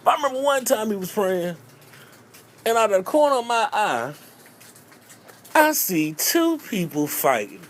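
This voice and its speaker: A high, very animated voice moves at a moderate pace with frequent pauses. The speaker is a stand-up comedian from North Carolina telling playful stories about growing up in church, acting out voices and repeating "I'm just saying."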